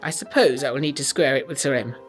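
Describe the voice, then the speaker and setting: A woman narrating a letter as a proper young lady scholar in a brisk, slightly anxious way. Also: extremely low pitch, faint music behind.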